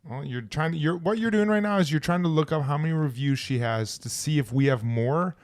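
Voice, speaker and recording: A man co-hosting a casual podcast, teasing his friends with deadpan jokes. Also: fairly high pitch, fairly quick, no room sound, clean studio sound. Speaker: podcast co-host. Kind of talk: casual chat.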